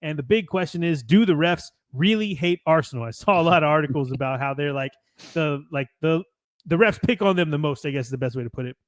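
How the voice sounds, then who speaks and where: A man's voice: a little high, quick pace, no echo, studio quality. An American man co-hosting a podcast, chatting casually and a bit ramblingly, reading out match notes and swearing now and then. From United States. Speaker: podcast co-host. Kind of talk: casual sports chat.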